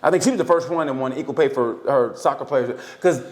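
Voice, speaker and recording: A man co-hosting a podcast in casual banter, laughing a lot and jumping into high voices to act out stories. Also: quick pace. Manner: animated, laughing, restarts, acts out quotes in a high voice. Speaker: podcast co-host.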